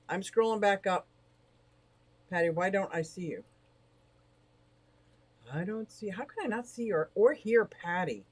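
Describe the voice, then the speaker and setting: A middle-aged woman hosts a casual livestream from a room beside a fish tank. She talks in a bubbly, rambling way, quick to laugh, answering viewers' comments as they come in. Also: on the low side. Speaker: livestream host of an aquarium shop.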